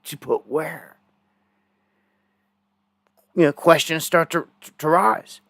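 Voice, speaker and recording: A man's voice: on the high side, slow, creaky, a bit bright, no echo, clean studio sound. Indignant man ranting on a live stream. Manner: rambling, indignant, conspiratorial. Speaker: live news commentator.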